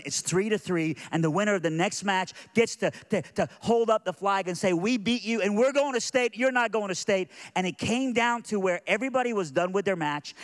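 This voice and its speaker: Middle-aged guy preaching, telling a story, kinda high voice, lots of restarts, big reverby hall. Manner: animated, rising excitement, many restarts. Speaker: pastor. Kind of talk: storytelling sermon.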